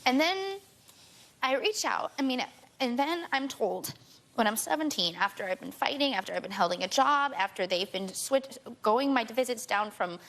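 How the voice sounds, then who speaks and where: Raspy high-voiced young woman pleading. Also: animated, fairly bright tone. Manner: rushed, pleading, repeating herself. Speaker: talk show guest. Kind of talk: emotional personal testimony.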